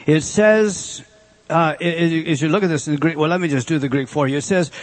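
A man's voice: on the high side, a little fast. A man preaching a sermon with emphatic delivery and rhetorical questions. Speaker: pastor.

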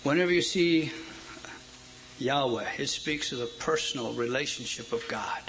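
A man preaching a sermon, emphatic, asking his listeners questions and swinging between loud stresses and quiet asides. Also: medium pitch, moderate pace, low-quality recording. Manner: emphatic, asks the audience questions.

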